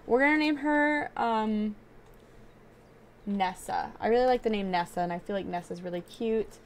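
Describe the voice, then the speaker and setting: A young adult woman giving casual, chatty gameplay commentary, excitable and quick to get frustrated. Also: medium pitch, a little hiss or hum. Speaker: video game streamer.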